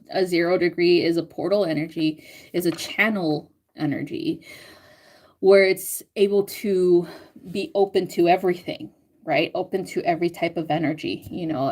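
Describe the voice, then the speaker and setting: A young woman reading out live chat comments on a stream, chatting casually with frequent swearing, laughter and animated self-quotes. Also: lowish voice. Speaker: astrology and tarot reader reading live chat.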